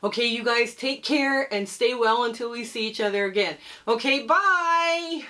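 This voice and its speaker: A woman's voice: fairly high pitch, fairly quick, fairly bright tone, rough recording. A middle-aged woman hosting a quilting channel, chatting casually and rambling a bit as she shows a quilt top in her sewing room. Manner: chatty, rambling, friendly sign-off. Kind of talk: casual show-and-tell vlog.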